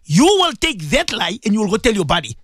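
A man giving an impassioned radio sermon to his listeners, emphatic and repetitive, with sudden leaps in pitch. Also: very animated, brisk, a bit bright, dry recording, studio quality. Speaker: radio presenter giving religious advice.

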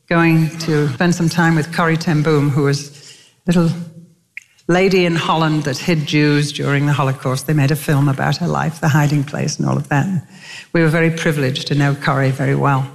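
A woman's voice: sits low, in a large hall. An older woman preaching a sermon, telling stories earnestly and with emphatic conviction.

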